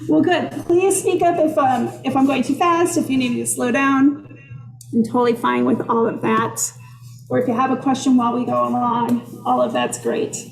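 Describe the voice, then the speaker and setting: A woman's voice: on the high side, expressive, normal speed, creaky, reverberant. A woman with a Minnesota accent teaching a live online cooking class from her kitchen, chatty and upbeat as she greets viewers. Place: kitchen workspace.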